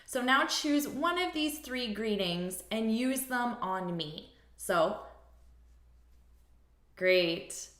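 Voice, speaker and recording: A woman with an American accent teaching an English lesson, speaking clearly and repeating phrases for learners. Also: fairly high pitch, animated, very slow, fairly bright tone. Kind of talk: language lesson. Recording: echoey room.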